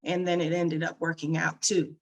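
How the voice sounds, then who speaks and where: A woman's voice: deep voice, flat delivery, moderate pace, rough recording. A woman business founder telling her story in a casual interview, chatty and full of "you know" fillers. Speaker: small business founder, guest.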